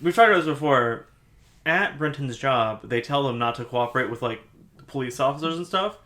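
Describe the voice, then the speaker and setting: A man in casual podcast banter who jokes around and interrupts with quick asides. His voice sounds bright and forceful at a middling pitch. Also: animated. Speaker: podcast co-host. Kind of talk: casual chat.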